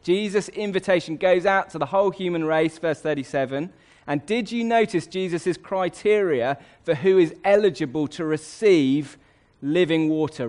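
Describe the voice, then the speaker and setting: A man preaching a sermon, emphatic, slowing down to stress key words. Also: on the high side, a little mellow.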